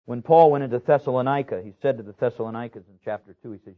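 A male pastor preaching a sermon, emphatic, building his phrases up to loud, rising peaks. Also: medium pitch, quick pace, few pauses, narrow, tinny audio.

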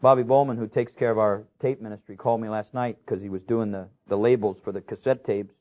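A male pastor preaching a sermon, emphatic, building his phrases up to loud, rising peaks. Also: fairly low pitch, fairly even intonation, quick pace, narrow, tinny audio.

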